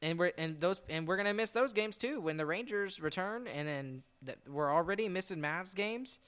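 A man's voice: sits high, lively intonation, normal speed, fairly bright tone, clean tone. A man hosting a casual sports podcast, rambling and exasperated, laughing now and then as he talks. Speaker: podcast host. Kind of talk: casual chat.

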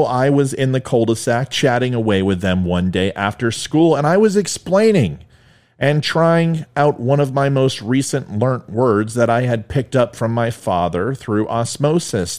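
A man's voice: medium pitch, darkish tone. Middle-aged male podcast host with a mid-range voice and a wry, joking monologue style. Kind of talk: solo monologue with storytelling.

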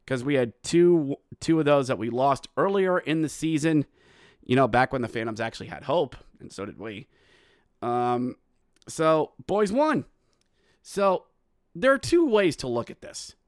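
Excitable male hockey podcast host. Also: on the high side, smooth, dry recording, studio quality. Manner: shouts excited goal calls, then sardonic commentary. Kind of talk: solo sports podcast recap with play-by-play.

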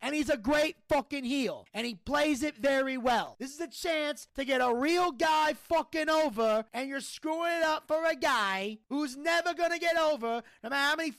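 A man putting on an Italian-American accent to voice a foul-mouthed, hot-headed gangster who rants and shouts threats. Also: very high voice, normal speed, vocal fry, few pauses, no echo, full character voice. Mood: furious rant. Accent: put-on Italian-American. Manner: ranting, profane, shouting threats.

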